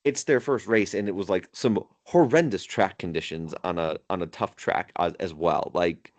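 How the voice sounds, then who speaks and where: A man's voice: low-pitched, moderate pace. A man co-hosting a podcast in casual chat, laughing often as he retells funny moments and rambling through his points. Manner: rambling, many fillers and restarts. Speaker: podcast co-host.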